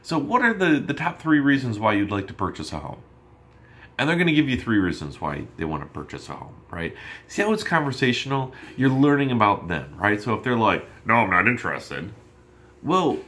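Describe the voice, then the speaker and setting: A man coaching loan officers on sales calls, energetic and emphatic, often checking in with "right?". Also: medium pitch. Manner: acts out quick exchanges in other voices. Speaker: mortgage sales trainer.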